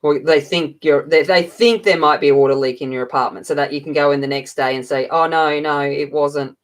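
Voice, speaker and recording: A woman's voice: low voice, steady tone, quick pace. A middle-aged woman with an Australian accent hosting a livestream, chatting casually and playfully with viewers and laughing often. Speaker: livestream host. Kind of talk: casual chat with viewers while colouring.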